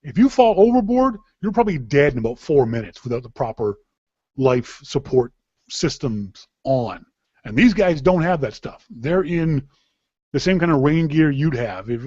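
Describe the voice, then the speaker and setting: A man's voice: medium pitch, a little mellow, slightly rough, no room sound. Chatty Canadian man hosting a podcast. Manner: rambling, chatty, with frequent restarts and laughs. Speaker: podcast host. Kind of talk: casual chat. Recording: dull, dry lo-fi sound.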